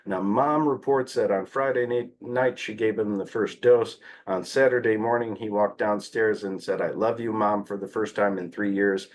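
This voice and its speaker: A man giving a conference talk as a behavior analyst, telling fieldwork stories in an animated way with frequent "uh" fillers. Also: lowish voice, normal speed, few pauses.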